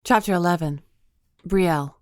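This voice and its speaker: A woman narrating a fantasy audiobook in the first person, measured and expressive. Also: fairly low pitch, no room sound, studio quality.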